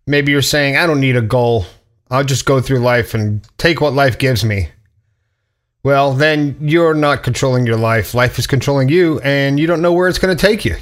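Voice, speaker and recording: A middle-aged man giving a casual motivational monologue to the camera, rambling and repeating himself, blunt and often chuckling as he goes. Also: medium pitch. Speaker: vlogger. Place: sitting indoors alone.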